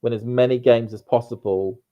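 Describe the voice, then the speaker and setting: A man's voice: medium pitch, fairly even intonation, normal speed. A man from Yorkshire with a Yorkshire accent, co-hosting a tennis watchalong in a thoughtful, easygoing way. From Yorkshire, England. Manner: thoughtful, laughs easily. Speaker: watchalong co-host. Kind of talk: casual live commentary chat. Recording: slightly dull lo-fi audio.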